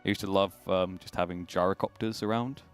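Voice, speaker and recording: A man co-casting a gaming livestream in casual banter, playful and scattered, with halting restarts. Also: low-pitched, fairly even intonation, smooth, faint music behind. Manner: playful, jumps between impressions, halting restarts. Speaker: stream co-caster.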